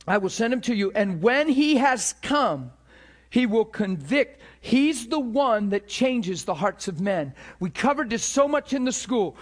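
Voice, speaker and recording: A man preaching a sermon, emphatic and fervent, dropping to a hush for stories and building to loud peaks. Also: high voice.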